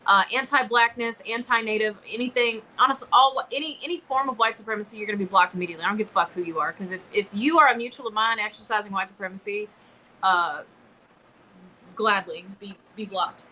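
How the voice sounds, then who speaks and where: A woman's voice: mid-range voice, quick pace, pushed and bright, low-quality recording. A woman moderating a live stream, speaking casually with many fillers but firmly. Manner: hesitant with fillers, firm.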